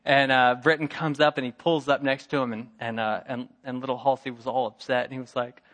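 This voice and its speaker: A man's voice: medium pitch, fast talker, hardly any pauses, fairly bright tone. A middle-aged man preaching a sermon, telling a story with emphatic repetition and acting out the voices of its characters. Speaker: pastor.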